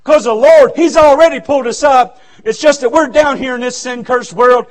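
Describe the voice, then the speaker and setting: A man's voice: very high-pitched, moderate pace. A man preaching a fervent, folksy revival sermon in a church. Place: church sanctuary.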